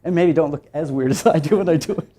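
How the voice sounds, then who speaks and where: A woman presenting a phonics teaching workshop, playful and animated, acting out letter sounds and laughing as she goes. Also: deep voice, quick pace.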